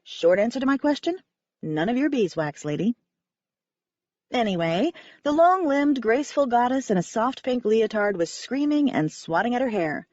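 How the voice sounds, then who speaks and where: A woman narrating a first-person audiobook in a wry, animated manner. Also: a little high, moderate pace, dry recording, muffled recording.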